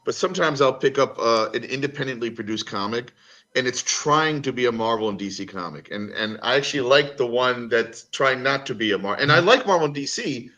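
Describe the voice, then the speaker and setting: A man in casual chat as a guest, telling animated, rambling anecdotes over a video call. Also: medium pitch, fairly quick, highs cut off. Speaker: comics creator guest.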